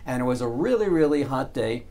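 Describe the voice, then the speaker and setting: A man's voice: medium pitch, animated, fairly quick, warm tone. A man hosting a business talk show, telling a rambling personal anecdote in a casual way. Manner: rambling anecdotal storyteller with restarts. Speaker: radio show host. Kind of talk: casual storytelling.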